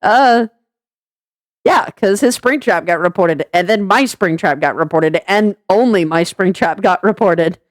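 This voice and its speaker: A woman's voice: measured pace, no room sound. A woman venting in a sarcastic commentary, laughing often and reacting in disbelief. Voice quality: high put-on sounding voice. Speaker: vlogger.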